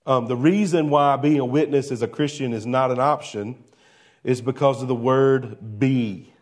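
A male pastor preaching a sermon in a conversational way, asking the congregation rhetorical questions and dropping to a soft, low voice on key phrases. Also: moderate pace.

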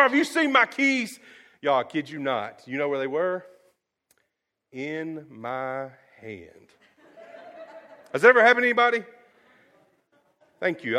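A middle-aged man delivers a sermon in a slightly high-pitched voice. He tells homely stories in a folksy way and then drops to a soft, earnest tone. His delivery swings between animated asides and hushed emphasis. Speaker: pastor.

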